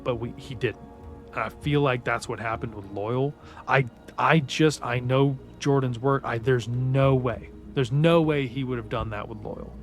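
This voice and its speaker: A man's voice: medium pitch, unhurried, faint music behind. A man giving a casual spoken book review in a heated, profanity-heavy rant.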